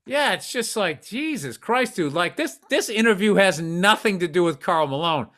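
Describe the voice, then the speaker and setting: A middle-aged man on a podcast, riffing in casual chat with blunt, profane asides. His voice sits somewhat high for a man. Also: expressive, moderate pace, bright, forceful tone. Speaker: podcast co-host.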